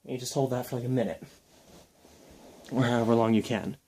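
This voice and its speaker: A young man explaining and demonstrating ab exercises in a casual, relaxed way while counting reps aloud. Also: medium pitch, a little fast, slight background noise. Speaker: fitness instructor.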